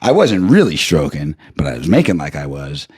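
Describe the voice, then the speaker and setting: Husky, profane storytelling man. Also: a bass voice, brisk. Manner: profane, rambling, animated. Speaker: livestream host. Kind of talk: casual storytelling.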